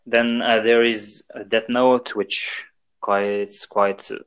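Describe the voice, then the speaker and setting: A man's voice: mid-range voice, little pitch movement, slow pace, fairly bright tone, clean tone, low-quality recording. A man from Algeria, speaking English as a second language, in a casual chat, hesitant with many fillers. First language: not English. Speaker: conversation partner.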